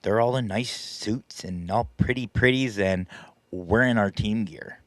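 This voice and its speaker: A man's voice: lowish voice, measured pace, no room sound. A man hosting a live stream, casually telling a story in a chatty, self-deprecating way and laughing often. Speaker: paranormal team leader and live stream host.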